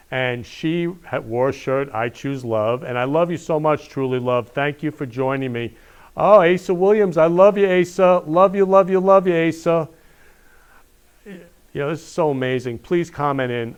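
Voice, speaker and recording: A man's voice: mid-range voice, clear, resonant tone, highs cut off. Effusive man hosting a live show. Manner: effusive, repeats "I love you" often. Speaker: host. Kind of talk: emotional live-stream show talk.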